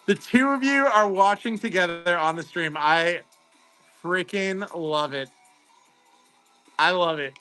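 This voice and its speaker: Upbeat male stream host, high bright voice, chatty, faint music behind. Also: slow, pauses often. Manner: excitable, chatty, greets viewers by name. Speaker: host of a card-opening livestream. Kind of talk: casual livestream chat.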